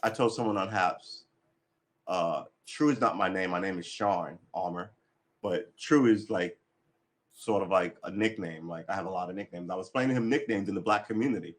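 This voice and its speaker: A man's voice: deep voice, a little fast. A man talking casually on his own livestream, blunt and opinionated, swearing freely and laughing often. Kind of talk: casual rambling chat.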